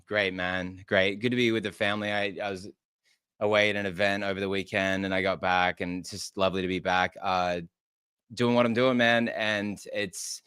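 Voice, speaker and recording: Earnest guest from Australia, smooth low male voice, dry close mic. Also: a bit bright, no room sound. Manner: earnest, stumbles and restarts, laughs easily. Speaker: podcast guest. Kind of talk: casual interview chat.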